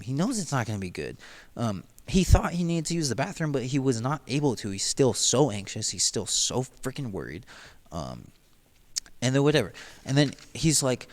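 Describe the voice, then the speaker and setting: A man's voice: medium pitch, big pitch swings, a little fast, a little mellow. A man casually reading through a novel and talking it over, rambling and slangy, with lots of "like" and "dude". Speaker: book reader and commentator. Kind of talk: casual book read-through commentary.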